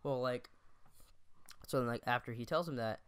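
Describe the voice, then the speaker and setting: A man's voice: medium pitch, normal speed, smooth. A young man co-hosting a podcast, telling a rambling story with restarts and laughter. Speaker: podcast co-host. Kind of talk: casual storytelling chat.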